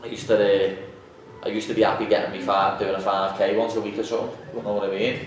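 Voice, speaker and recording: Young guy, low voice, animated casual storyteller, recorded far from the mic in a very echoey room with faint hiss. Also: quick pace. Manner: animated storytelling, acts out quotes. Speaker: podcast guest, MMA fighter. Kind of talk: casual chat.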